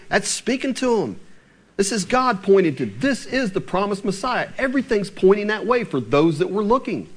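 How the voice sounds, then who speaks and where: A man preaching a sermon, asking the congregation rhetorical questions and slowing down to read scripture aloud. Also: a little high. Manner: animated, asks rhetorical questions, slows for scripture.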